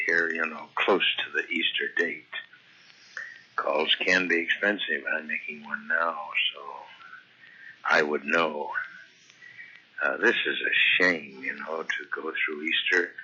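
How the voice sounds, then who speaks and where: A man voicing a sulking caller who complains sarcastically about neglectful friends, with a husky voice, on an answering machine tape. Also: bright, forceful tone, lo-fi sound, exaggerated voice. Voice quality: husky, very deep. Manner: slow, sarcastic, guilt-tripping.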